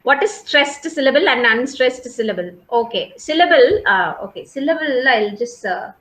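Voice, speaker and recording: A woman's voice: high-pitched, lively intonation, moderate pace, a bit bright, echoey room, poor audio. A woman, giving an online class as a college lecturer, explaining patiently and often checking "okay?". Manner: explains patiently, repeats points, asks "okay?" and "got it?" often. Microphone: video call.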